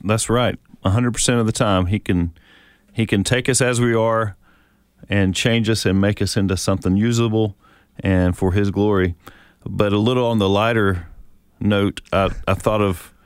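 A man co-hosts a faith talk show in an affable way, telling stories with plenty of "uh" and restarts. His voice sits a little low and is recorded dry and close, with no room sound. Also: fairly even intonation, normal speed, clean tone, dry recording. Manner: affable, tells jokes, hesitant fillers. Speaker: co-host. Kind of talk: casual chat.

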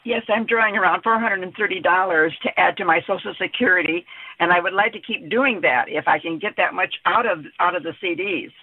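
A woman's voice: lowish voice, husky, dry recording. Elderly woman calling in over a tinny phone line. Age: 80s. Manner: hesitant, many pauses and fillers. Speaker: caller.

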